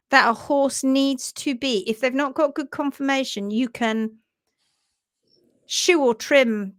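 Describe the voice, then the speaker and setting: Chatty giggly Englishwoman, fairly high voice. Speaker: hoof care presenter. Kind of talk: casual live-stream chat.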